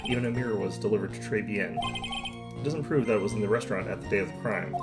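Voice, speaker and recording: A streamer reading a flustered young defense attorney from a courtroom video game, muttering wry, exasperated thoughts. Loud game music sits behind. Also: medium pitch, fast, lightly acted. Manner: wry inner monologue, mildly exasperated.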